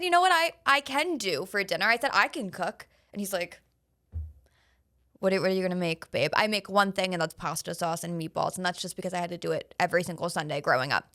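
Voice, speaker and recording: A young adult woman hosting a podcast solo, ranting and chatting casually with swearing and quick asides. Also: mid-range voice, a bit bright, dry recording, studio quality. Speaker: podcast host. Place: small podcast studio.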